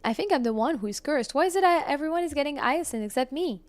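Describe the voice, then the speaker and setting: This woman's high, expressive voice moves fast as she streams a game and talks casually with viewers. She laughs frequently and keeps apologizing.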